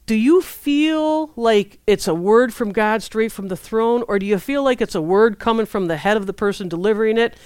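Woman, sermon, conversational preaching, fairly high voice, smooth, dry recording. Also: moderate pace, few pauses, dry recording. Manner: lively, conversational, acts out prayers and inner voices.

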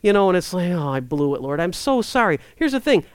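Woman preaching, chatty and animated, smooth clear voice, dry close sound. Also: fairly low pitch, a little fast, dry recording. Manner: lively, conversational, acts out prayers and inner voices. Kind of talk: sermon.

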